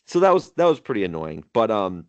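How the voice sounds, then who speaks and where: Very animated and brisk, this fairly low-pitched co-host chats casually on a podcast, and the recording has its highs cut off. He laughs often retelling funny moments, rambling with many fillers and restarts.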